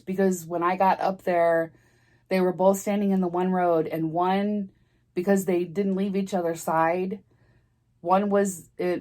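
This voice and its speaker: Low-voiced tearful woman rambling. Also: dark tone. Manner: rambling, halting, emotional, restarts often. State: tearful, near crying. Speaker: vlogger. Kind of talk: casual storytime vlog.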